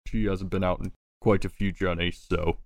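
A measured guildmaster who hands out quests from his throne as a man puts him on. The voice sits very low and steady. The sound is dry and close. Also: no room sound. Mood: calm. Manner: measured, mildly hesitant. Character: calm male guildmaster on a skull throne.

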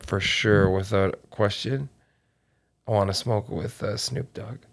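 A man's voice: on the low side, measured pace, vocal fry. Laid-back swearing comedian, man. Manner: laid-back, swears often, peppers speech with "man" and "dude". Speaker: stand-up comedian. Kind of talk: casual podcast chat.

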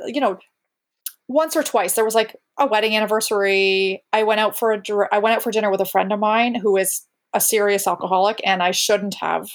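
A woman in her thirties speaks as a guest in a casual conversation, at an ordinary pitch. Her talk is candid and rambling, full of restarts and breaks in mid-sentence. She tells it plainly, as personal talk. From Canada. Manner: candid, rambling, self-interrupting.

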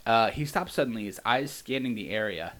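A man's voice: medium pitch, lively intonation, brisk, fairly bright tone. A man hosting a podcast, casually reading aloud and commenting with profanity and frequent laughter. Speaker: podcast host. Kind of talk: comedic read-along with commentary.

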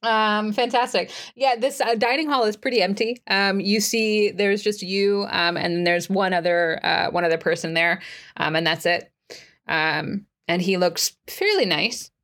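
A woman's voice: medium pitch, a little slow, a bit bright. Casting: woman game master, chatty and giggly, loose narration full of ums.

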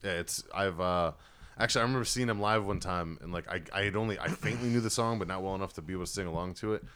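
Brief: middle-aged male podcaster, rapid delivery, low voice, swears a lot. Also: a bit bright, smooth. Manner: rambling storyteller, heavy swearing. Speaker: podcast co-host. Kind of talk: casual chat.

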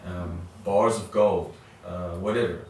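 A man's voice: deep voice, steady tone, a little slow, slight background noise. A man sharing in a church study group, hesitant, often restarting and repeating words. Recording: very echoey room from far off.

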